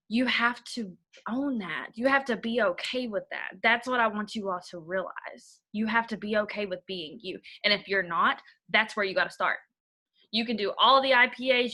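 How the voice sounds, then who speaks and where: A woman's voice: medium pitch, bright, forceful tone. A young woman, giving a rambling, blunt motivational training talk to her team. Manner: rambling, blunt, uses y'all.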